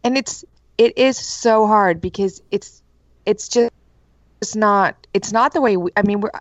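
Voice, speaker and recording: Woman, podcast co-host, mid pitch, emphatic, dry slightly muffled sound. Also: unhurried, no echo. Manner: emphatic, searching for words. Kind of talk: casual chat.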